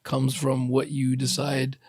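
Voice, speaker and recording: A man's voice: medium pitch, monotone, slow, creaky, a crowd in the background. A man hosting a podcast in casual conversation, telling stories with animation, acting out quoted lines and swearing freely. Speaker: podcast host.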